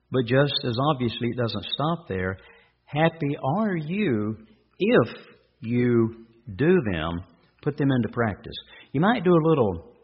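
A man's voice: medium pitch, breathy edge, lo-fi sound. A man preaching a sermon, asking rhetorical questions and repeating his points for emphasis.

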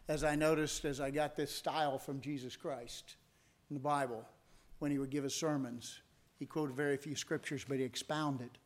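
A man's voice: on the high side, fairly bright tone. Man preaching with rising emphasis. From United States. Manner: conversational, asks the congregation rhetorical questions; rises to emphatic peaks on key points. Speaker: pastor. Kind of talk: sermon.

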